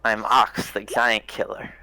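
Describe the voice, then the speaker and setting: Brash giant-killer warrior, played by a man: slow drawl, gravel in the voice. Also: fairly low pitch, little pitch movement, bright, forceful tone, heavily acted, rough recording. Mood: boastful.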